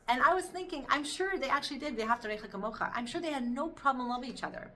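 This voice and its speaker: A woman giving an inspirational Torah talk, telling a personal story in an animated, expressive way. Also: high-pitched, fast talker, few pauses. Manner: animated storytelling, rising to excited peaks. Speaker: Torah teacher.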